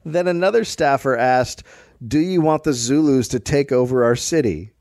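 A man's voice: mid-range voice, normal speed, a little mellow, no echo, studio quality. A man co-hosting a comedic history podcast, reading from his research notes and adding wry asides in casual chat. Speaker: podcast co-host presenting the story.

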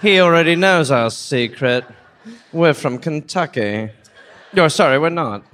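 A man puts on a boastful English deserter with a mock-posh put-on English accent, chattering away about his disguises. The voice sits high and bright, bouncing around in pitch, with a smug, self-satisfied sing-song. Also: animated, measured pace. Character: pompous English male army deserter posing as Kentuckian. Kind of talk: improvised comic bit on a live podcast.

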